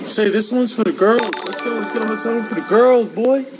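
A man live-streaming on a city street into a handheld phone, loud, goofy and taunting, repeating his phrases over and over. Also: sits high, fairly quick, music in the background, rough recording. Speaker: IRL streamer. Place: outdoors on a city street and at a hotel door.

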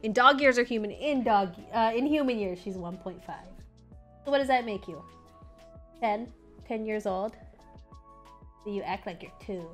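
A woman's voice: medium pitch, moderate pace, long pauses. Chatty woman streamer, faint music. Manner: chatty, talks baby-talk to her dog. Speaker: live streaming and community manager. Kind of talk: casual livestream chat.

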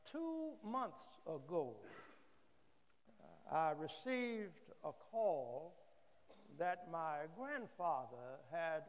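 A man's voice: high-pitched, full character voice. A preacher doing a weepy, self-pitying man. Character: depressed grown man weeping over money. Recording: long church reverb.

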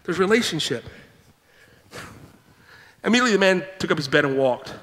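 In a church sanctuary, a pastor with a high, bright, forceful voice preaches a sermon at a brisk clip. He reads scripture, then breaks into animated asides, acting out the people he quotes, and a long hall reverb carries the sound.

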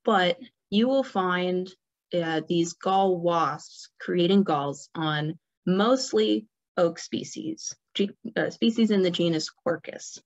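A woman giving an informal illustrated lecture as a nature center presenter, relaxed and full of fillers and restarts. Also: on the low side, takes it slowly. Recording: dull lo-fi recording.

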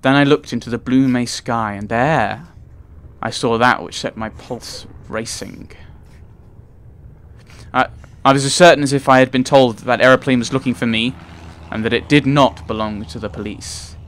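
A man's voice: mid-range voice, steady tone, moderate pace. A man hosting a let's play, reading game narration aloud with playful, chatty asides.

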